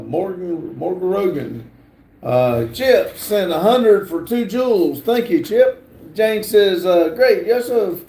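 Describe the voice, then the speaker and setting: A man from the United States hosting a live stream, reading chat aloud at an unhurried, drawn-out pace. His voice is gravelly and somewhat high, and the room around him rings with echo. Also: dark tone. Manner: slow, reads viewer comments aloud with many uh fillers. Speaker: livestream host reading chat.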